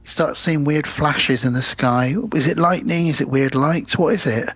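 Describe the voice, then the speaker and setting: Husky man, dull dry sound. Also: a little high, normal speed, dry recording. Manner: relaxed plot recap. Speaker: podcast co-host. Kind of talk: casual film chat.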